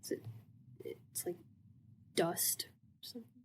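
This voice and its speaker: A woman's voice: a little slow, whispered. A woman guest on a casual book podcast, chatty and wondering aloud.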